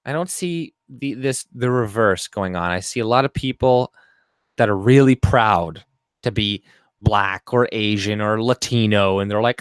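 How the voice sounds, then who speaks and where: Man, livestream host, profane mocking rants, mid-pitched, dry close sound. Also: animated, moderate pace, no echo. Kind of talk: casual livestream rant.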